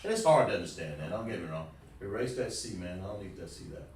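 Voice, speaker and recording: A man's voice: low-pitched, expressive, darkish tone. Man drilling pronunciation in an echoey room. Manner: insistent, repeats sounds slowly, coaxing. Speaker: teacher. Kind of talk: pronunciation lesson. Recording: echoey room heard from a distance with faint noise.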